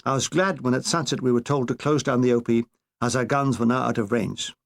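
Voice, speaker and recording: A man's voice: mid-range voice, fairly quick, creaky. A man narrating his own war memoir as an audiobook, in a dry, wry storytelling manner.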